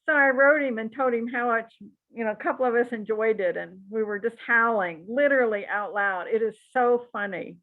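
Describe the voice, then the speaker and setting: A woman teaching a psychic class in a relaxed, chatty and encouraging way, with frequent asides. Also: on the high side, normal speed. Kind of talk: relaxed spoken class talk. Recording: tinny phone-like audio.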